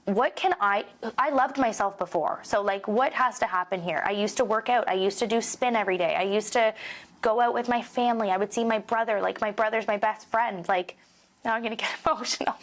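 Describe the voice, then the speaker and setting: A woman in her thirties talks openly about her life as a guest on a casual podcast. She's candid and emotional, swears now and then, and fills her sentences with "like". Her voice sits at a middle pitch. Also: brisk. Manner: open, emotional, peppers speech with "like" and swearing.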